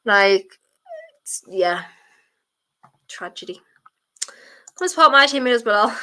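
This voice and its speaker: A woman's voice: a little high, expressive, normal speed, sharp tone. A young woman from Durham with a toned-down North East English accent, chatting casually on a football watchalong stream, reading viewer comments and answering bluntly with some mild swearing. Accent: mixed North East English, toned down. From Durham, England.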